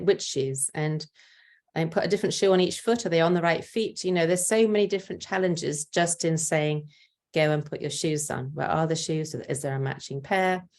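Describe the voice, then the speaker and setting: An older woman giving a talk on parenting, explaining gently and patiently and acting out short examples of what to say to a child. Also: deep voice. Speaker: parenting speaker.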